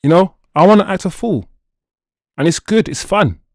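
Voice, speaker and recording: A high-pitched man speaking at normal speed hosts a football livestream, reading his viewers' comments aloud. He's animated and playful, talking casually and directly to chat, recorded dry with clean studio sound.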